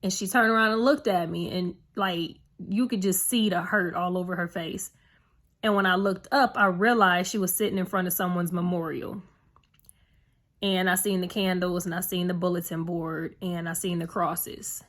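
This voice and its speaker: A woman's voice: fairly low pitch, fairly even intonation, moderate pace, a bit bright. A young woman vlogging to camera, telling a personal story in a rambling, earnest way full of fillers. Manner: emotional, heartfelt retelling.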